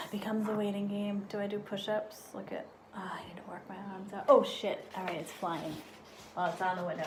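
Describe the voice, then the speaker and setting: A woman's voice: mid-range voice, steady tone, normal speed, creaky. A woman vlogging casually at home, talking to herself and coaxing an insect, jittery and swearing as she frets. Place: home indoors near a window. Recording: echoey room, distant mic, background noise.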